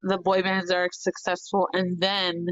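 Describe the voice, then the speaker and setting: A woman's voice: fairly low pitch, completely flat delivery, a little slow, no echo, lo-fi sound. A woman co-hosting a podcast in casual chat, mostly chiming in with short replies. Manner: brief agreeing replies. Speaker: podcast co-host.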